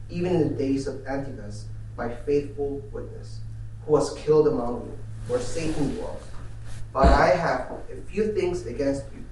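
Man reading scripture, steady, far off the mic, big echoey room. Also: medium pitch, slight background noise. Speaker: congregation member reading scripture.

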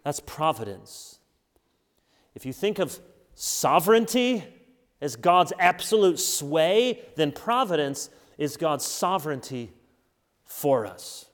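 Male preacher, slightly raised pitch, emphatic sermon delivery, long hall reverb. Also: big pitch swings. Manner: earnest, emphatic preaching with slowed stressed words.

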